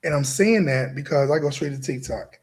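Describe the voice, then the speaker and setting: A man hosting a show speaks a little fast at medium pitch, giving a live crowd a motivational talk. He's forceful and repeats himself, often throwing "right?" back to the audience.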